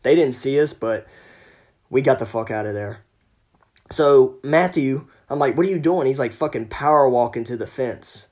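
A man's voice: mid-range voice, normal speed, a little mellow. A man telling a ghost story as a podcast guest, casual and profane, acting out the quoted lines.

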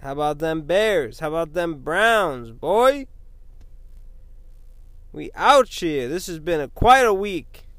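A man's voice: on the high side, lively intonation, unhurried, few pauses, fairly bright tone, dry recording. A young man hosting a loose, rambling solo show from a car, joking, trash-talking and swearing freely. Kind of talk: rambling casual monologue.

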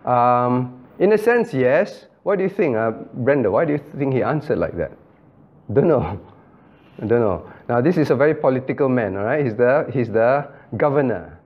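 A man's voice: medium pitch, muffled recording. A man, a pastor, leading an interactive Bible study, calling on listeners by name, repeating phrases and acting out quoted dialogue.

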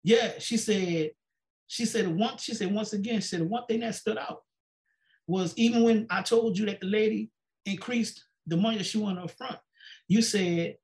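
Pastor guy telling his story, keeps going "she said", voice sits a bit high. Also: normal speed, darkish tone. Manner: storytelling, repeats "she said" and acts out quoted dialogue. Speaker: pastor and guest. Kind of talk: personal testimony in a sit-down interview.

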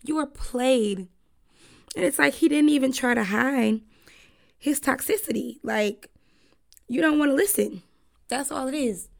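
A woman's voice: high-pitched, a little slow, creaky, pauses often. A woman hosting her own podcast, talking casually and bluntly, with a lot of slang and swearing. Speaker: podcast host. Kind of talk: casual solo podcast chat.

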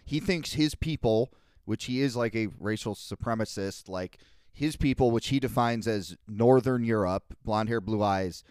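A man's voice: fairly low pitch, moderate pace, darkish tone, clear, resonant tone, dry recording, studio quality. A man co-hosting a podcast, rambling through profane, meandering stories in casual banter. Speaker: podcast co-host.

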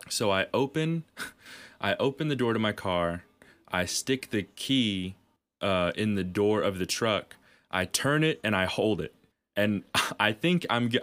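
A man with a fairly low voice tells long, rambling stories on a casual podcast. He swears freely and laughs at his own tales. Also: a bit bright. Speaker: podcast co-host. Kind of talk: casual storytelling chat.

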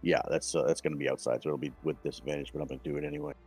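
A man playing a tabletop game, declaring his character's moves with hesitant pauses and fillers. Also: a bass voice, steady tone, a little mellow, breathy edge, soft background music. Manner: hesitant, many fillers while deciding moves. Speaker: player.

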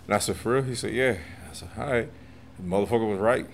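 This man speaks fast in a lowish voice with vocal fry, and a little hiss or hum sits under the recording. A martial arts master in his forties or older, he guests on a podcast, swearing, laughing and telling stories with animation.

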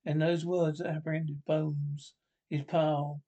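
A man reading a classic adventure novel aloud, in a halting way with restarts and slips. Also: fairly high pitch, flat delivery, mellow, lo-fi sound. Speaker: audiobook reader.

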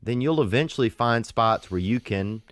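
A man calmly telling stories and giving advice in a matter-of-fact way. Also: mid-range voice, moderate pace, no echo, studio quality. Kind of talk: casual storytelling and advice.

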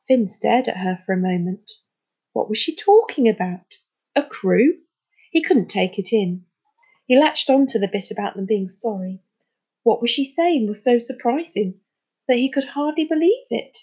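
A woman reading a children's novel aloud in an expressive storytelling manner. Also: fairly high pitch, normal speed, slightly rough, rough recording. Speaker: storybook reader.

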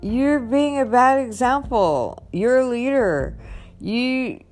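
A woman's voice: a little high, lively intonation, drawn-out words, dark tone, soft background music, voice pushed up. Woman mimicking a preachy scolding male friend. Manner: exclaiming, incredulous.

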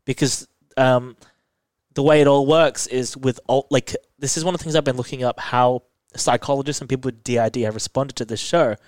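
Animated man recapping a show. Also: medium pitch, fairly quick, dry recording. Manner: animated, detailed retelling. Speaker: podcast co-host. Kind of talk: casual chat recapping a TV episode.

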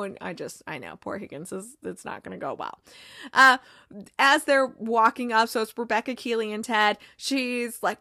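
Chatty woman retelling scenes, fairly high. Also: lively intonation, normal speed, pushed and bright, no echo, studio quality. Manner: chatty, acts out quotes, laughs, reads aloud. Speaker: podcast host recapping a TV episode. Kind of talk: casual recap, retelling scenes.

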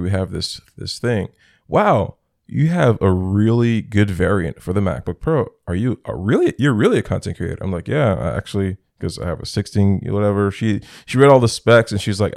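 A young man with a low, gravelly voice tells stories in loose, casual chat. He jumps into the voices of the people he talks about. The sound is close and dry, with no room around it. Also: a little fast, dry recording. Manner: animated storyteller, acts out both sides of phone calls.

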